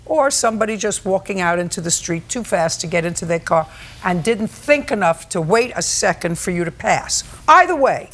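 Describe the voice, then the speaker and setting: A woman's voice: lowish voice, animated, moderate pace, a bit bright. A woman in her seventies presiding as a television court judge, questioning bluntly with a sarcastic, scolding edge. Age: 70s. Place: TV courtroom set.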